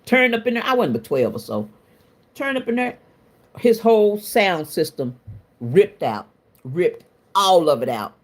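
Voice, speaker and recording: Lively middle-aged woman spinning a story. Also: lowish voice, measured pace. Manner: animated, laughs often, colloquial and self-mocking. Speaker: livestream host. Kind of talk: casual storytelling to a live chat.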